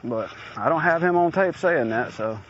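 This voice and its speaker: A man's voice: a little high, animated, normal speed, fairly bright tone. A man venting in a blunt, profane, aggrieved personal audio diary rant. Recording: dull lo-fi recording with faint noise.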